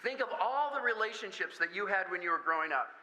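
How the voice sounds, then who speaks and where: A man from Michigan speaking at a school parent meeting, telling jokey stories in an animated way. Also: high-pitched, fast, rough recording. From Michigan, USA. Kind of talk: lively talk with stories.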